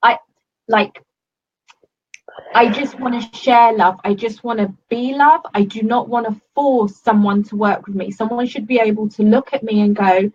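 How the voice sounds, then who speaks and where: A woman's voice: on the high side, steady tone, moderate pace, a little mellow, slightly rough, muffled recording. A woman giving a casual testimonial to her coach, gushing and swearing often, with many fillers. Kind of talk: casual video-call testimonial.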